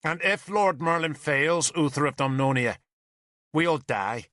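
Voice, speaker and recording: A man's voice: a little high, lively intonation, a little slow, a bit bright, dry recording, studio quality, pitched above the performer's own voice. A man voicing a scornful young druid girl who speaks for the gods in a chanting, insolent, detached way.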